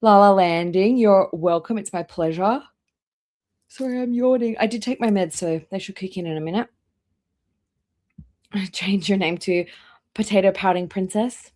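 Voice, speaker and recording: A woman hosting a live reaction stream, chatting casually and reading out viewer names one by one with drawn-out welcomes. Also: mid-range voice. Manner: drawn-out welcomes, trailing off quieter.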